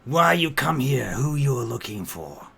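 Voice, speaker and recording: A man's voice: mid-range voice, big pitch swings, a little slow, vocal fry, pushed and bright, husky, pitched above the performer's own voice, full character voice. A man voicing a small, diseased orc girl who talks in broken, curt sentences. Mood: wary. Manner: broken speech, curt and guarded.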